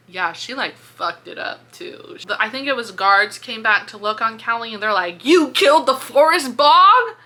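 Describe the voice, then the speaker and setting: A woman casually retelling a book's plot in a video review, chatty and animated, swearing and filling with "like". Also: on the high side. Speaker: book reviewer. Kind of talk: casual book-review vlog.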